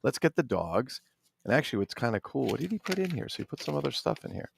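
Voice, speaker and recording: A man from New Jersey chatting casually about his toy collection, animated and swearing freely with jokey asides. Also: medium pitch, quick pace, vocal fry, a little hiss or hum. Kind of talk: casual unboxing chat.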